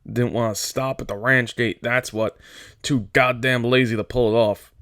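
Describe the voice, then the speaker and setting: A man voicing a small, irritable male ranch hand who scolds in a gruff, exasperated way. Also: mid-range voice, moderate pace, no room sound, studio quality, lightly acted. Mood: scolding.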